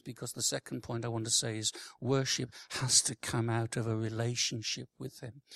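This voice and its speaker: A man in his sixties preaching a sermon, swinging from loud, emphatic declarations to hushed, almost whispered lines. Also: mid-range voice, gravelly. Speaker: worship leader. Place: church conference hall.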